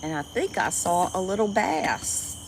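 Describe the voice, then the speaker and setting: A woman with a Cajun accent and a squeaky voice, chatting casually with viewers on a livestream from an outdoor dock at night. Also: big pitch swings, measured pace, slight background noise, rough recording. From Louisiana. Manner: chatty, greets viewers by name, easily delighted. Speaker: livestream host. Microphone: phone livestream.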